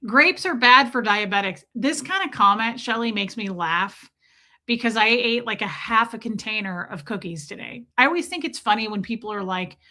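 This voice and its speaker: Bright-voiced woman streamer, rambling and jokey. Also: on the high side, expressive, moderate pace. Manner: rambling, self-mocking, jokey storytelling. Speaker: live streamer. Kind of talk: casual live-stream chat.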